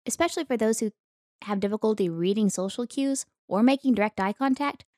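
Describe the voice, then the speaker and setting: A woman's voice: a little high, fairly quick, warm tone, dry recording, studio quality. A young woman co-hosting a podcast, chatting casually and cracking teasing jokes. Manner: playful, teasing quips. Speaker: podcast co-host.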